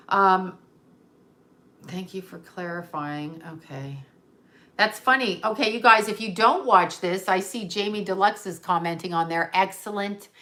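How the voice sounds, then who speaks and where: A woman's voice: lowish voice, bright, forceful tone. A woman hosting a casual livestream, rambling and chatty in a conspiratorial way. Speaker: livestream host.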